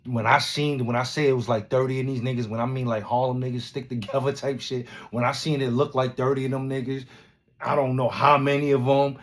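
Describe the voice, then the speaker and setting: A man from Brooklyn, hosting a podcast and telling a story in a casual, slang-heavy way, acting out loud quotes as he goes. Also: mid-range voice, level tone, brisk. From Brooklyn, New York. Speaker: podcast host.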